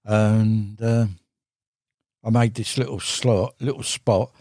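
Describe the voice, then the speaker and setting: A man's voice: on the low side, fairly even intonation, slow pace, warm tone, no room sound. An older English man telling a fishing story in a rambling, casual way, swearing often and laughing as he goes, on a studio mic. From England. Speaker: guest angler. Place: podcast studio.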